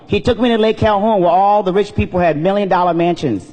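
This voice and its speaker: A comedian giving an earnest, emotional storytelling speech on a stage. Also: male voice, high-pitched, quick pace, a little mellow. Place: stage in a hall. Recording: long reverb in a hall.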